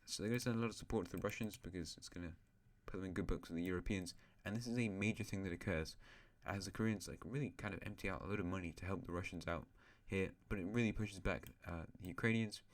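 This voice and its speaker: Very low male voice, casual map narrator, rambles and corrects himself mid-sentence. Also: fast talker, hardly any pauses. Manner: rambling, self-correcting, joking asides. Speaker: host of a map series.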